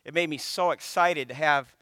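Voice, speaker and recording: A man preaching a sermon as a pastor, swinging from loud emphatic lines to hushed, almost whispered ones. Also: a little high, moderate pace, smooth, no echo.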